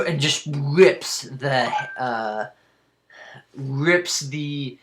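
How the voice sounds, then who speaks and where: A man narrating as dungeon master, halting with many fillers. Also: mid-range voice, fairly bright tone, a little hiss or hum. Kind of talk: narrating a tabletop game.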